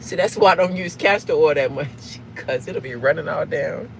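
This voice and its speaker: A rambling woman chats away to her viewers from behind the wheel. Steady road noise hums under her voice, picked up by a phone inside the car. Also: low voice, normal speed, gravelly, low-quality recording. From Southern United States. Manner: rambling, chatty, asks viewers questions. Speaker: live-streaming vlogger. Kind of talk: casual chat while driving.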